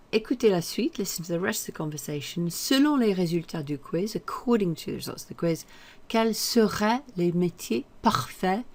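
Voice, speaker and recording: A woman's voice: fairly low pitch, a little mellow. A woman teaching French, explaining at length in a chatty way with fillers and hesitations. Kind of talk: recorded language lesson.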